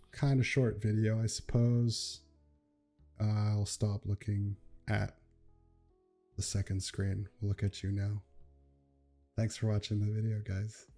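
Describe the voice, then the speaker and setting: Laid-back young man, mellow voice. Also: mid-range voice. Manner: laid-back, laughs often, chatty asides. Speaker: YouTuber reacting to memes. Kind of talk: casual reaction commentary.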